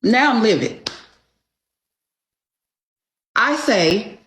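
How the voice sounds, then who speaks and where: Woman guest, emphatic and profane storyteller, unhurried, in a roomy, echoey space. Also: on the high side, expressive, a bit bright. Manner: emphatic, profane, keeps asking "okay?". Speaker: guest telling her story. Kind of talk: casual storytelling. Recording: echoey room.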